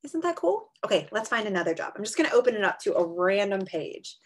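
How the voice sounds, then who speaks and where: Animated woman teaching little kids. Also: medium pitch, slightly rough. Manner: slow, exaggerated, encouraging teacher voice with clapped-out syllables. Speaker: kindergarten teacher. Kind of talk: online small-group lesson for young children.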